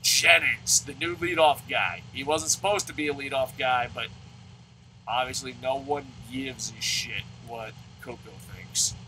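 A man with a strikingly bright, forceful voice talks over his baseball video game, swearing and yelling at players. A faint noise hums under his commentary. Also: medium pitch, a little slow, low-quality recording. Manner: excitable, swearing, yells at the game. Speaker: gaming video host. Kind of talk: let's play commentary. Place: at home.

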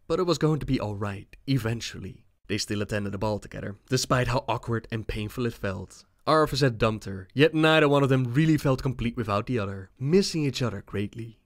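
A man narrating video game lore in a measured, calm storytelling manner. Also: medium pitch, no room sound, studio quality.

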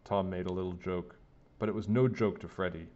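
A man reading a children's picture book aloud in a lively, sing-song way. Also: sits low, fairly quick. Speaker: storybook reader. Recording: dull lo-fi recording.

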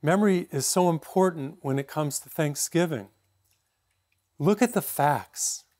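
A man in his sixties from Massachusetts, a priest giving a sermon in a steady, reflective storytelling way. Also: fairly high pitch, measured pace.

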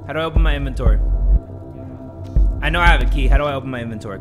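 A young man doing let's-play commentary, excitable and jokey, shouting when scared. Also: medium pitch, racing, long pauses, dull audio. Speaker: gaming YouTuber. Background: game music.

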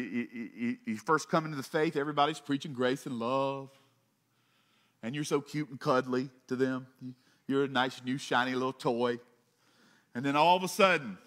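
A man preaching a sermon in a slightly higher voice than most men. He talks to the congregation conversationally, with little asides. He rises for emphasis and drops low and quiet to land his points. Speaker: pastor.

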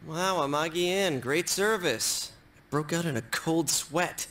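A man's voice: a little high, unhurried, a bit bright. An actor voicing a jumpy, easily spooked teenage boy in a video game, nervous and wry. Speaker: game character. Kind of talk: English game dub.

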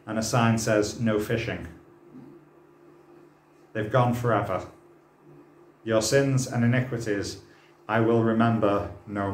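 A man's voice: mid-range voice, echoey room, a little hiss or hum. A man preaching an impassioned, dramatic sermon, full of rhetorical questions. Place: church hall.

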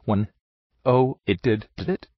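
Low, husky Irish cop, gruff and folksy, as a man plays him. dull dry audiobook sound. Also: measured pace, no echo. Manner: folksy, drawling, dropped g's. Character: gruff Irish police sergeant, middle-aged man.

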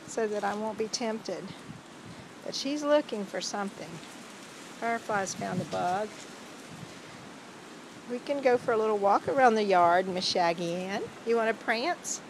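Woman, dog owner, slow sing-song pet talk with a gravelly edge, outdoors with faint wind. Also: medium pitch. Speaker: dog owner filming her dog. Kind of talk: casual chat to her dog on camera. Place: outdoors in a windy backyard. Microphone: handheld camera.

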